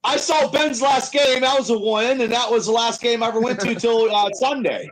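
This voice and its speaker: A man's voice: very high voice, normal speed, a little hiss or hum, low-quality recording. A man chatting casually on a video-call podcast, telling rambling stories that trail off.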